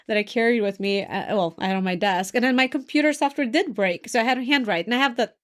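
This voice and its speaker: A woman's voice: on the high side, fast talker. A woman in her forties, a lawyer hosting a podcast, telling stories in an earnest, self-deprecating way. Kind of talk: casual podcast chat.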